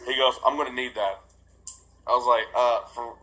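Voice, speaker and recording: A young man talking casually to the camera in a rambling, animated way, acting out the other people in his story. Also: medium pitch, normal speed, rough recording. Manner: rambling, animated retelling with quoted dialogue. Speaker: vlogger. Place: new house with no furniture yet.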